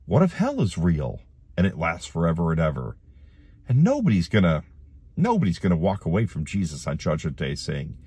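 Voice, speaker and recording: Low, husky man, urgent pleading gospel appeal to camera, dry close sound. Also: very animated, normal speed, mellow, no echo. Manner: urgent, pleading, repeats himself. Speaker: online preacher.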